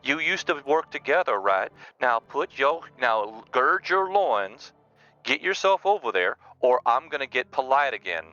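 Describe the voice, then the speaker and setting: A man's voice: mid-range voice, very animated, measured pace, sharp tone, highs cut off. A man playing in a tabletop game, joking and bantering with the game master. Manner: playful, jokey banter. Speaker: player.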